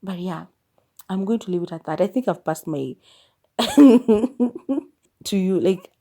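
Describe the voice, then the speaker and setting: A woman's voice: medium pitch, animated, slow, mellow. A Kenyan woman hosting a solo podcast, sharing her opinions in a candid, musing way. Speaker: podcast host.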